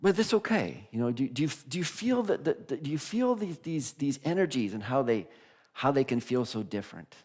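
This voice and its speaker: A male minister giving a conversational sermon in a church, animated, often restarting phrases and laughing. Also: mid-range voice, a little fast. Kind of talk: casual sermon. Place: church sanctuary.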